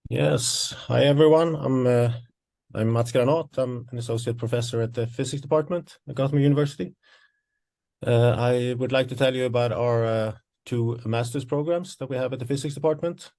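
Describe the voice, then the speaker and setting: A man's voice: medium pitch, moderate pace, creaky, mellow. A man, an associate professor presenting study programmes in a webinar, slightly out of breath and hesitant as he explains.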